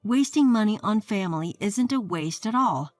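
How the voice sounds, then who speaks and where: A woman's voice: medium pitch, expressive, moderate pace, no echo, soft background music, lightly acted. A woman voicing a pushy, sarcastic sister-in-law who talks in a righteous, demanding way. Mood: scolding. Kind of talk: scripted story narration.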